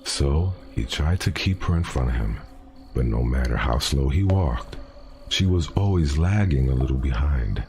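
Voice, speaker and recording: A man hosting a podcast, reading a first-person horror story aloud in a casual, profane way with dramatic pauses. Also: extremely low pitch, lively intonation, mellow, a little hiss or hum.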